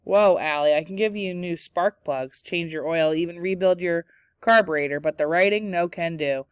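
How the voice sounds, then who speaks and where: A woman's voice: on the low side, normal speed, smooth, dry recording, studio quality, lightly acted. A woman voicing an easygoing teenage brother, a mechanic who teases his sister in a laid-back way. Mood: joking.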